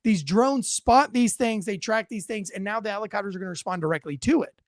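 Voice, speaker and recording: A man's voice: sits high, brisk, dry recording, studio quality. A man hosting an online news commentary show, talking in a brash, conversational way with crude slang and asides. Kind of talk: casual political commentary.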